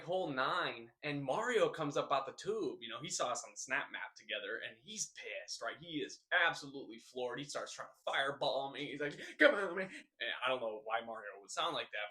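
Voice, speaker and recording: A young man hosting a scripted news recap with deadpan, jokey asides and rambling tall tales. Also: mid-range voice, a little fast, hardly any pauses. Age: young adult. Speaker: host.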